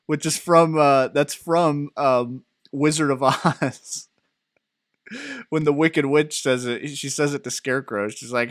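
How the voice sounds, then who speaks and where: A man's voice: fairly high pitch, slow, no room sound, clean studio sound. Rambling young man on a podcast. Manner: rambling, animated storytelling with laughs. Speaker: podcast co-host. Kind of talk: casual chat.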